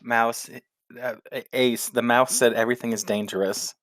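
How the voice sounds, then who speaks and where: A woman playing her character in a tabletop game, speaking earnestly and deliberately. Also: very deep voice, steady tone, dry recording, clean studio sound. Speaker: player.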